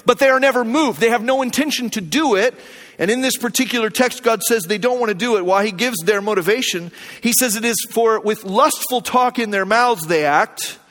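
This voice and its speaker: High-voiced man preaching in a reverberant hall. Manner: earnest, varies pace, drops to a low hush for emphasis. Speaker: pastor. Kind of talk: sermon. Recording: long reverb of a large hall.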